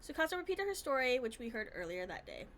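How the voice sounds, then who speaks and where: A woman's voice: high-pitched, very animated, quick pace, fairly bright tone, a little hiss or hum. A woman streamer reading a game's narration aloud live, with small slips. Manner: reads with small slips and restarts.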